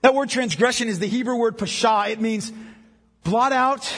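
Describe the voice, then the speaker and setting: Husky pastor guy preaching hard, voice sits way up high, echoing big hall. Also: normal speed, a bit bright. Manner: impassioned, emphatic preaching. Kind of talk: sermon. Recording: long reverb of a large hall.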